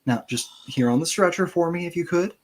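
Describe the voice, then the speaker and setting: A man playing a calm male paramedic who speaks in a soothing, businesslike way. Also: fairly high pitch, brisk, pitched above the performer's own voice, lightly acted. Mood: reassuring.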